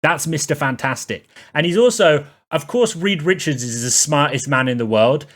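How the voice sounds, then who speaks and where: A man's voice: fairly high pitch, normal speed. A man giving a sarcastic, rambling spoken film review, full of exasperated asides.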